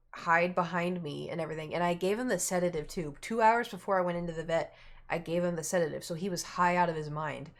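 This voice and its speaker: A woman streamer chatting casually, rambling through a long story and acting out the people in it. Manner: chatty, rambling, acts out quoted people with raised pitch.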